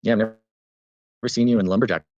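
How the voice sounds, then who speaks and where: A man's voice: fairly low pitch, steady tone, fast, darkish tone, dry recording, highs cut off. A man co-hosting a podcast, upbeat, who reads listener submissions aloud with a playful lilt. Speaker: podcast co-host. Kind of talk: casual chat and reading listener submissions.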